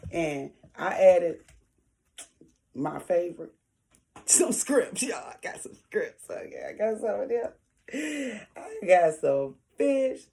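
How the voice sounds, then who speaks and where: A woman's voice: fairly low pitch, creaky, mellow. A woman talking casually to her viewers in an eating vlog, chatty and folksy, chewing while she talks. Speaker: food vlogger.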